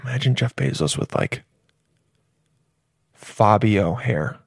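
A man's voice: on the low side, lively intonation, takes it slowly, creaky, slightly rough, no echo, studio quality. A man riffing in a crude comedic ramble, full of restarts and swearing.

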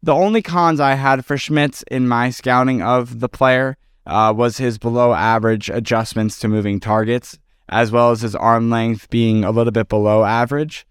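A man's voice: medium pitch, fairly even intonation, moderate pace, few pauses, smooth, no room sound, clean studio sound. A tired man co-hosting a casual sports podcast, giving analysis with many fillers. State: tired, yawning. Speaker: podcast co-host.

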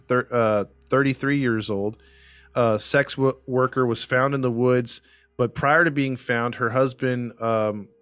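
A man of middle pitch tells a case in a loose, rambling way, full of fillers and restarts. His voice is recorded dry and close. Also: a bit bright, smooth, dry recording. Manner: rambling, filler-heavy storytelling. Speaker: podcast host and case narrator. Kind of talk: casual true crime chat.

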